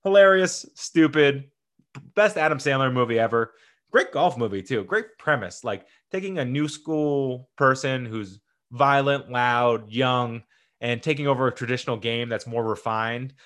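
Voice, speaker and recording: Young male host, casual and excitable, loud bursts then quiet asides, mid-pitched voice. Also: a little slow. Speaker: host ranking sports movies. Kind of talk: casual enthusiastic commentary.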